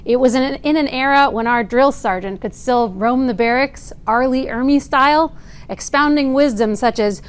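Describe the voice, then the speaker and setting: A woman's voice: high-pitched, moderate pace, clean tone. A woman in her forties, a Marine veteran, reading a prepared speech earnestly with occasional dry, wry asides. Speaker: Marine veteran giving testimony. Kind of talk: prepared speech read aloud.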